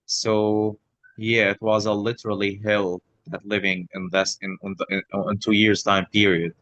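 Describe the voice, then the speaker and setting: Halting man in his thirties. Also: on the low side, fairly bright tone, dry recording, lo-fi sound. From Gaza. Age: 30s. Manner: halting, many restarts, blunt swearing. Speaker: guest. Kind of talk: personal account in an interview.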